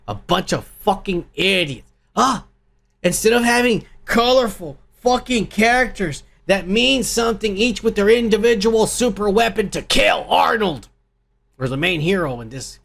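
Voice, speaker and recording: Gravelly, foul-mouthed man ranting. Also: high voice, moderate pace, a bit bright. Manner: angry, crude, swears constantly. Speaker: podcast host. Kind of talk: profane ranting movie review.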